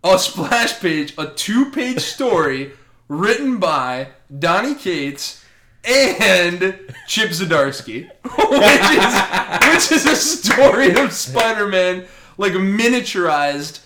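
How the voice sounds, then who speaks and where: Giggly, rambling man, slightly high. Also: big pitch swings, slow pace, pushed and bright. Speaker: podcast host. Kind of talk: casual comics podcast chat.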